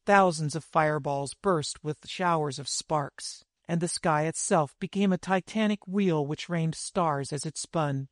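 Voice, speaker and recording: A man narrating a dramatic adventure story in a measured, deliberate reading style. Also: a little high, no room sound, studio quality. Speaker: audiobook narrator.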